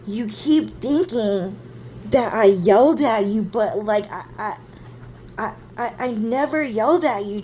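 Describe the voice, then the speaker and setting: A woman's voice: fairly high pitch, a little mellow, a little hiss or hum, pitched above the performer's own voice, natural voice. A woman voicing her older sister, an emotional young woman who keeps saying "like". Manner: emotional, repeats "like" constantly. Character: woman's older sister, volatile, harsh then tearfully loving.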